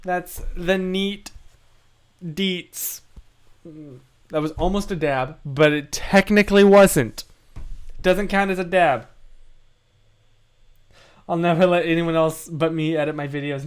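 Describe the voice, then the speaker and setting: A man's voice: on the high side, unhurried, pauses often, clear, resonant tone. A young man hosting a livestream, chatting playfully and answering viewer comments with self-deprecating humor. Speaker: livestream host. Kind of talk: casual livestream chat, reading comments.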